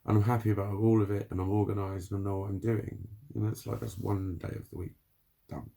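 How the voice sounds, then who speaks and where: A man's voice: lowish voice, level tone, brisk, gravelly, dark tone. A man rambling casually in a spoken video diary, swearing often and laughing between thoughts. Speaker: vlogger.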